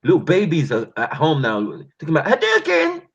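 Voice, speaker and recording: A man telling boastful street stories in a casual, slangy, animated vlog. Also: fairly high pitch, fast, breathy edge. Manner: animated, slangy, boastful, breaks into laughs and sound effects. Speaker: channel host. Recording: muffled lo-fi sound.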